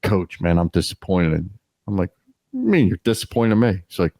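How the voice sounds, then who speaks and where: Male podcast co-host, low voice, swearing storyteller who acts out voices, loose casual chat. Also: sing-song, moderate pace, darkish tone. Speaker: former youth football coach.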